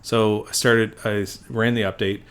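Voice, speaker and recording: A man's voice: on the low side, flat delivery, normal speed, clean tone. A middle-aged man, a doctor, co-hosting a podcast and telling stories in casual chat, swearing often and acting out what people said. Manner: swearing storyteller, acts out quotes. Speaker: podcast co-host.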